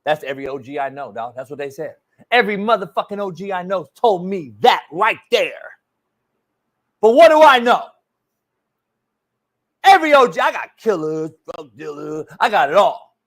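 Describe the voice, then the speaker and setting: A man's voice: high-pitched, big pitch swings, normal speed, pauses often. A man hosting a sports talk show, ranting in a brash, mocking way and swearing constantly. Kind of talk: profane casual rant.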